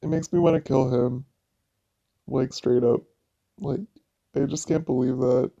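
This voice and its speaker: A woman's voice: extremely low pitch, steady tone, unhurried, dark tone. A woman in a personal vlog monologue, venting in a raw, profane way. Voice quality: gravelly vocal fry. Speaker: vlogger. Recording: dull lo-fi audio.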